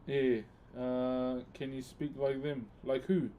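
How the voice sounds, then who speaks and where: A man's voice: mid-range voice, level tone, takes it slowly, lo-fi sound, slight background noise. A man chatting casually on a live stream, thanking viewers by name and using Maori words. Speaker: live streamer and wood carver.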